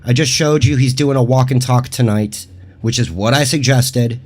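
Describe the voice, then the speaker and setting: A man's voice: mid-range voice, moderate pace, a little mellow. Brief: man, odd-sounding voice, loose rambling co-host, casual commentary. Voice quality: unusual-sounding voice. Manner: loose, rambling, often restarts.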